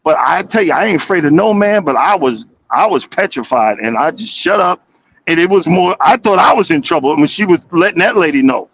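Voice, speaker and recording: A man with a high voice calls in from the cab of his truck for a casual chat. He stammers through restarts and laughs easily. The sound is dry and close. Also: lively intonation, fairly quick, a bit bright, no echo, highs cut off. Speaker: caller.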